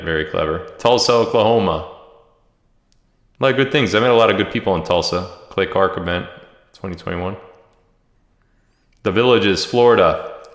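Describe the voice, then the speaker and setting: Deep-voiced man hosting a livestream. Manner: joking, reads viewer comments and shout-outs aloud. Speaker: livestream host. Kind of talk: casual livestream chat. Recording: echoey room with long reverb.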